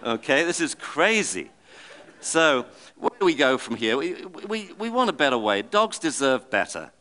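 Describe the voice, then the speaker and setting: A middle-aged man giving a talk to an audience, telling lively stories and acting out the voices in them. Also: fairly high pitch, measured pace. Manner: animated, acts out the voices of the people and dogs in his stories. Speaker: speaker giving a public talk.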